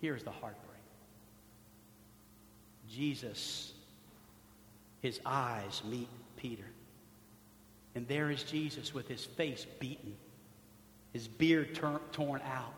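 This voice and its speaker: A man preaching a sermon in a dramatic way, swinging from loud emphasis to hushed rhetorical questions. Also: mid-range voice, slow pace, pauses often, a little hiss or hum. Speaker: pastor. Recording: echoey hall, long reverb.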